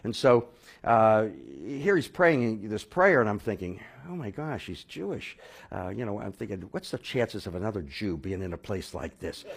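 A man telling his personal conversion story, halting with fillers and restarts, then growing animated and laughing at the funny parts. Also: on the low side, creaky, slightly rough. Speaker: speaker sharing a personal conversion testimony.

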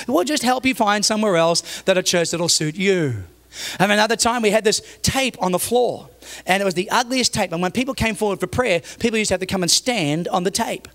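High gravelly Australian pastor preaching. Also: male voice, animated, quick pace. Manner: humorous storytelling, grows loud and emphatic. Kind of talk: sermon. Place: church.

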